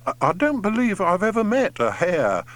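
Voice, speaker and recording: A man reading an audiobook and voicing a slow, scheming old male tortoise who speaks deliberately. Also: high voice, huge pitch swings, a bit bright, full character voice. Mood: sly, deliberate.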